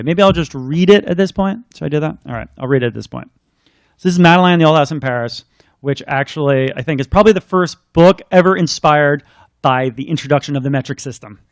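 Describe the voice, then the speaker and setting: Guy reading his kids book out loud, kinda high voice, rambly asides, dry sound. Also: dry recording. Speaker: children's book author. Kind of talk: reading a picture book aloud.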